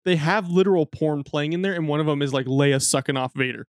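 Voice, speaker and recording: A man's voice: a little high, fast talker, no echo, studio quality. A man co-hosting a podcast, telling stories in a casual, profane, laughing way. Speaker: podcast co-host. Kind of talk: casual chat.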